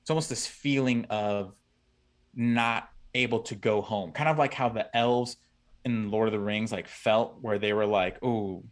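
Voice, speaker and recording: Halting man chatting as a guest. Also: lowish voice. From Cuban family. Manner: casual, halting, many fillers. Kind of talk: casual chat.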